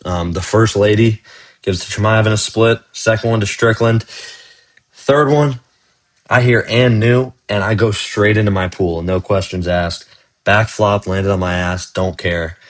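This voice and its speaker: Low-voiced excitable man breaking down fights. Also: moderate pace. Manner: excitable, slangy, full of fillers like man and bro. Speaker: fight commentary YouTuber.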